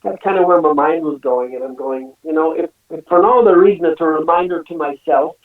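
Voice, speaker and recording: A man's voice: a little high, a little fast. A man telling stories in a casual interview, chatting freely and laughing often. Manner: chatty storyteller, laughs often, many "you know"s. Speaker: singer and guest. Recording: tinny phone line, echoey and distant.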